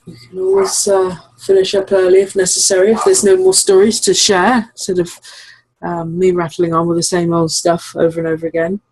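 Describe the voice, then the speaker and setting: Chatty woman with a gravelly voice. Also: lowish voice, flat delivery, fairly quick, a little mellow, rough recording. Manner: chatty and rambling, laughs easily. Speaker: regular sharer on a call-in show. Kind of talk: casual chat on an online call.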